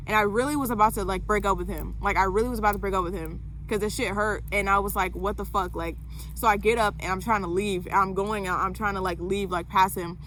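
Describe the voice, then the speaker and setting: A woman's voice: medium pitch, steady tone, fast, a bit bright, slight background noise. A young woman vlogger telling a personal story to camera, candid, with lots of fillers and swearing.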